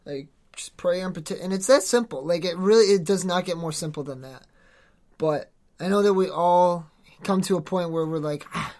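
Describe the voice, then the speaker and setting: Informal podcast preacher, earnest, exhorting, rambling, restarts a lot, mid-pitched voice. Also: moderate pace, darkish tone. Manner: rambling, with many restarts and self-corrections. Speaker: podcast host giving a devotional.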